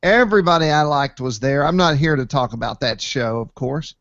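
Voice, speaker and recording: A man hosting a casual online hangout, telling stories with lively jumps in pitch when he quotes people. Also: brisk, vocal fry, dry recording, dull audio. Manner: animated storyteller, jumps to high pitch when quoting people. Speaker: host, site admin. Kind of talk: casual chat, storytelling.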